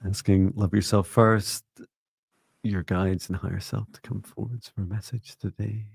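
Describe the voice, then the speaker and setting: Deep, gravelly man hosting a stream. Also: level tone, moderate pace, a little mellow. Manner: chatty, laughs easily. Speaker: co-host, psychic reader. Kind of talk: live-stream chat and readings.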